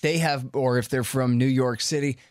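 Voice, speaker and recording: A man's voice: mid-range voice, fairly even intonation, moderate pace, no echo. Male interview host, informal and emphatic, dry close sound. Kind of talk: conversational interview.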